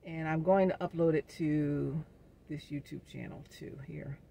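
Middle-aged woman, gravelly voice, casual inspirational vlog, chatty with churchy asides. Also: low voice, fairly even intonation, warm tone, a little hiss or hum. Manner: chatty, preacher-like asides, quick to laugh. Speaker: vlogger.

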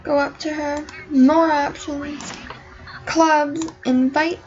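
Young woman, high voice, slow unhurried talk, chatty gameplay commentary, dull lo-fi sound. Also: little pitch movement, darkish tone. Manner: chatty, voices the game characters playfully. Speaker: gameplay vlogger. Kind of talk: casual life-sim gameplay commentary. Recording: dull lo-fi home recording.

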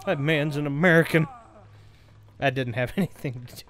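A man with a notably high voice talks through a video game in a rambling, excitable way. He jokes, trails off and restarts his thoughts as he plays. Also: moderate pace. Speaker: gameplay commentator. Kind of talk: casual let's-play commentary.

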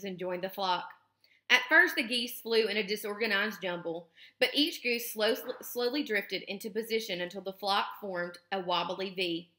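A woman teacher reading a children's novel aloud in a clear, expressive storytelling manner. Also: mid-range voice. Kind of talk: children's book read-aloud. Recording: roomy echo.

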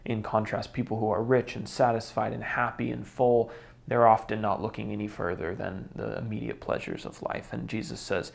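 Gravelly, low-voiced man teaching the Bible. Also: normal speed. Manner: relaxed, chatty, with small laughs and restarts. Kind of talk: casual Bible study video.

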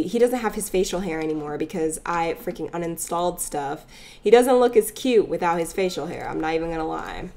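Lively chatty woman gamer. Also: mid-range voice, slight background noise. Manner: chatty, playful, voices the characters' chatter. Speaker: let's play gamer. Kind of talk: casual gameplay commentary.

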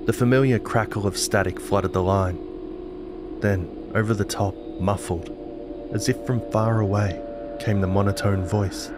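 A man narrating a scripted horror story in a measured, dramatic manner. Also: on the low side, fairly even intonation, noisy background. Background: music.

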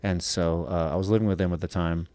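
Low-voiced man telling a profane story. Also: fast talker, clear, resonant tone, no echo. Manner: profane, animated storytelling with acted-out quotes. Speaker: guest, MMA fighter. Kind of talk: casual podcast storytelling.

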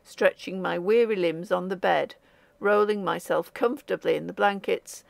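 A woman narrating a ghost story audiobook in a measured, even storytelling manner. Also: on the low side, creaky, no echo. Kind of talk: scripted narration.

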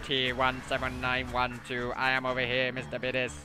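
A man voicing a menacing male robot with stiff, monotone delivery while gaming, over game music. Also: mid-range voice, normal speed, close to an everyday voice. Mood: mock menacing.

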